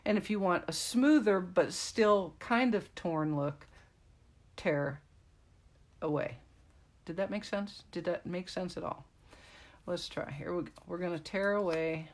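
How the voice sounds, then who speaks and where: A woman's voice: lowish voice, normal speed. A middle-aged woman demonstrating card making in a casual tutorial, chatting and rambling in asides to her viewers. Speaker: craft demonstrator.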